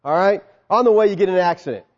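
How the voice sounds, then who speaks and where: A man preaching a sermon as pastor, animated and dramatic, acting out voices of a crowd. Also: high-pitched, rapid-fire. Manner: soft, quiet prayer. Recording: long hall reverb, dull sound.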